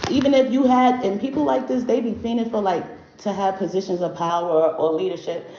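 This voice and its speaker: A woman's voice: mid-range voice, fairly even intonation, fairly quick, warm tone. Blunt, profane woman reading on a livestream. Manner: blunt and profane, talks to chat directly. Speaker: spiritual reader livestreaming to viewers. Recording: dull roomy livestream audio with faint noise.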